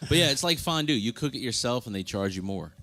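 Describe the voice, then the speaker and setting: A man's voice: mid-range voice, animated, fast talker, fairly bright tone. A man co-hosting a live comedy podcast, chatting and teasing the guest. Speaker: podcast co-host.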